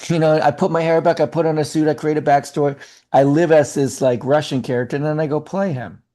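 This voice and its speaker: A middle-aged man, an actor and acting coach, talking in a casual interview, animated and fast, with many fillers and restarts. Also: fairly high pitch.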